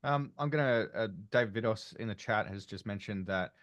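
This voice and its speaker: A man's voice: fairly low pitch, moderate pace, fairly bright tone, no echo. An Australian man hosting an online panel discussion, chatty and rambling with plenty of fillers, on a video call. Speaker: panel host.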